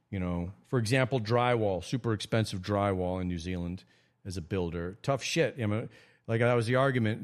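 A man from America hosting a casual livestream monologue, rambling with frequent restarts and sudden jumps in pitch. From United States. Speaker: host.

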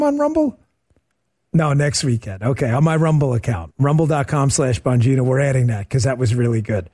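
A man hosting a political podcast, ranting in a joking, animated way and talking to his producer mid-show. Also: mid-range voice. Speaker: podcast host. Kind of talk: casual political rant.

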